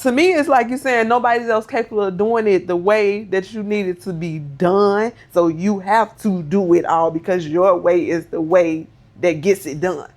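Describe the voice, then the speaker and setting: A woman's voice: medium pitch, normal speed, few pauses, a little mellow. A woman co-hosting a podcast, speaking reflectively in casual conversation. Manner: reflective, conversational, supportive listener. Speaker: podcast co-host.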